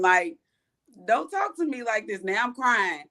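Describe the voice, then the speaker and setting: Expressive, profane woman telling stories. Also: mid-range voice, normal speed. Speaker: podcast co-host. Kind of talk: casual chat.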